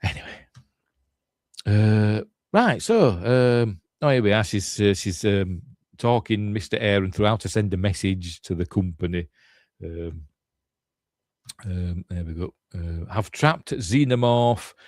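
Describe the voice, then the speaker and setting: A man's voice: low voice, unhurried, pauses often, darkish tone, dry recording, clean studio sound. A man with a Yorkshire accent hosting a casual film review, retelling scenes in a rambling, chatty way full of fillers and chuckles. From Yorkshire, England. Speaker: film reviewer, channel host.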